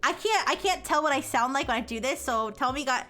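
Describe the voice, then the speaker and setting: A woman's voice: high-pitched, lively intonation, a little fast, sharp tone, faint music behind. A young woman VTuber chatting casually on a live stream, giggly and rambling. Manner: giggly, rambling, self-mocking.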